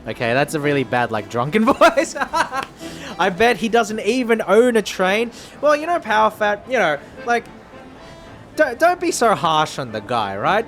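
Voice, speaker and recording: A male streamer talking his viewers through a story game at an easy, slow pace. His pitch is lively and sits a bit high, and he laughs often at his own jokes. Faint music plays under his voice. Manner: chatty, laughs often, self-mocking. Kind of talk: casual live-stream chat.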